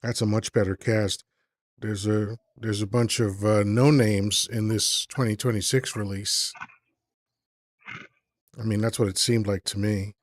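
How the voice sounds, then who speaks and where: A man's voice: fairly low pitch, little pitch movement, measured pace, no echo. A man hosting a live call-in stream, chatting casually and rambling as he thinks aloud with lots of fillers. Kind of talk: casual chat.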